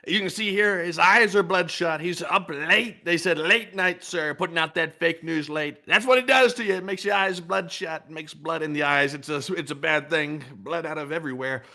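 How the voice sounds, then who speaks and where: A man's voice: a little high, normal speed, vocal fry, few pauses, bright, forceful tone. A man on a live news stream, talking in a showy, exaggerated and repetitive style. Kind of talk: hyped mock-announcer banter.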